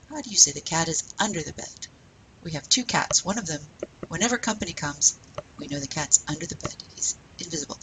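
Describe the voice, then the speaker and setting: A woman teaching a French class, slowly modelling phrases and pronunciation for students to repeat. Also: deep voice, lively intonation, sharp tone, a little hiss or hum, poor audio. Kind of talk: classroom language lesson.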